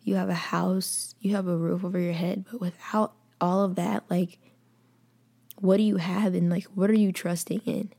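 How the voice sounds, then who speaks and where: A woman's voice: on the low side, level tone, normal speed, creaky, dark tone. A young woman hosting a faith podcast, talking casually and earnestly, often calling listeners y'all and repeating phrases for emphasis. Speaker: podcast host.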